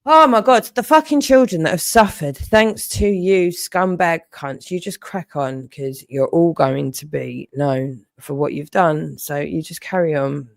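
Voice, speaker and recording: A woman's voice: low voice, creaky, a little mellow, no echo. Angry woman livestreamer, profane repetitive rant, close dry sound.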